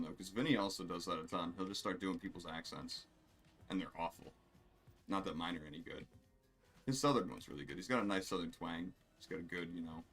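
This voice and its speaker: A deep-voiced man with a fairly bright tone streams a racing game, rambling and swearing through casual commentary as he plays, clearly amused by himself.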